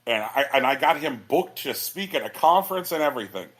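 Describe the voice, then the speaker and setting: A man's voice: medium pitch, expressive, a little fast, a bit bright. A man co-hosting a podcast in casual chat, telling stories in a rambling way with many restarts and "um"s. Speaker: podcast co-host.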